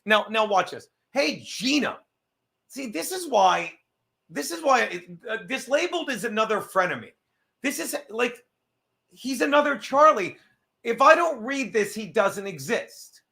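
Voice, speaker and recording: A man's voice: extremely high pitch, very animated, normal speed, creaky, bright, forceful tone. A man hosting a casual livestream, rambling, swearing often and breaking off mid-sentence while fiddling with his screen. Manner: profane, rambling, self-interrupting; reads viewer messages aloud. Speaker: livestream host.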